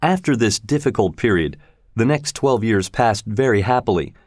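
Man narrator, measured storybook read, dry close sound. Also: lowish voice, expressive, a little mellow, no echo. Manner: slow, measured reading.

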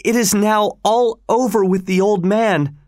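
A man's voice: fairly high pitch, lively intonation, a little slow, no room sound, studio quality, pitched above the performer's own voice. A man voicing a selfish young nobleman who speaks with false devotion, in an audiobook story. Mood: falsely earnest.

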